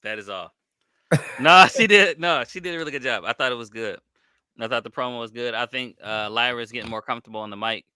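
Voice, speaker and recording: A man's voice: mid-range voice, quick pace, bright, forceful tone, clean tone, no echo. A man co-hosting a casual wrestling podcast, easygoing and chuckling. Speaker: podcast co-host.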